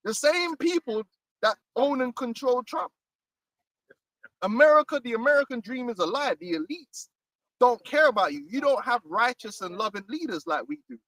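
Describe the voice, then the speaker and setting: Man, high bright voice, fiery street preaching, dry distant sound, outdoors. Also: expressive, moderate pace, no echo. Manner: fiery, emphatic, repeats "man".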